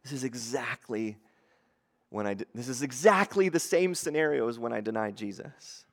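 A man's voice: mid-range voice, moderate pace, natural voice. A preacher doing a rueful male disciple. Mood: earnest. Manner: earnest, quoted mid-sermon. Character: remorseful adult male disciple, once boastful. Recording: long hall reverb.

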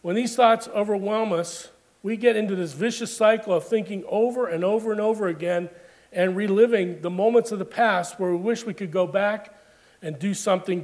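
A man's voice: sits high, darkish tone. A man preaching a sermon in an earnest, emphatic way, building points through repeated phrases. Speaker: pastor.

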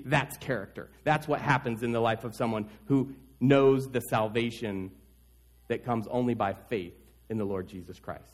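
A man with a fairly high voice preaches from the pulpit of a church. He tells his stories with sweeping rises and drops in pitch and loudness, now loud, now almost hushed. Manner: storytelling with wide swings in pitch and loudness. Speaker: pastor. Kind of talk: sermon.

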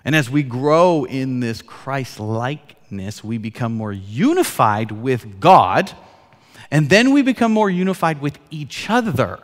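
A man in his forties preaching a sermon as pastor, telling stories with laughs and swinging from loud to soft. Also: mid-range voice. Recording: long hall reverb.

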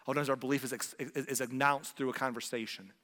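A man preaching as a pastor, leading an earnest Easter altar call and a slow, hushed prayer in a church. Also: medium pitch, fairly even intonation. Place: church sanctuary. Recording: long hall reverb.

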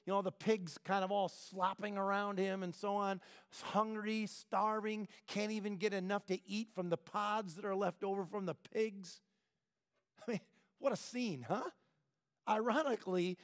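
Male preacher, high voice, conversational sermon full of rhetorical questions, long hall reverb. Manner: conversational, asks rhetorical questions, acts out quotes.

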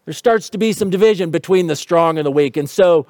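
Guy with a high voice preaching, explains stuff, asks the crowd questions, dry close sound. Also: a little fast, a little mellow, dry recording. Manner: teaching tone with light humor. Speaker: pastor. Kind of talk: sermon.

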